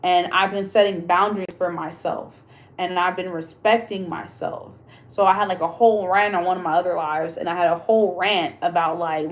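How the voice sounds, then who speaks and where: A woman's voice: on the low side, steady tone, normal speed. A woman hosting a casual livestream chat, ranting in a blunt, emphatic way and swearing freely. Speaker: livestream host.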